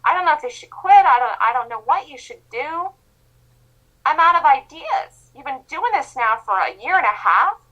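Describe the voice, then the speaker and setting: A woman voicing a kind male pig who pleads with and gently consoles his sad friend in a storybook-style aside. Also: high voice, big pitch swings, normal speed, dull audio, voice pushed up, exaggerated voice. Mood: consoling.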